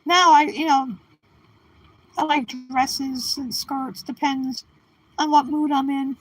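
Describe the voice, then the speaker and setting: A woman's voice: sits high, steady tone, slow, low-quality recording. A woman in her sixties hosting a livestream, chatting casually and rambling as she answers viewers. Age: 60s. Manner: rambling, chatty, restarts and trails off. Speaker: livestream host.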